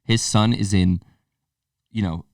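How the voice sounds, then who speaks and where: A man's voice: lowish voice, steady tone, slow pace, no echo, studio quality, far from the mic. A man co-hosting a podcast, telling stories in casual chat and laughing through them. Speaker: podcast co-host.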